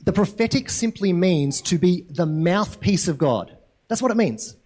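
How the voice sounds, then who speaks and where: A man with a fairly high voice gives a sermon in an easygoing, talky manner. He keeps putting questions to the congregation and tags his points with a quick "right?". The delivery sounds like a chat more than a formal address. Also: animated, darkish tone. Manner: conversational, asks the congregation questions, frequent tag "right?". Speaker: pastor.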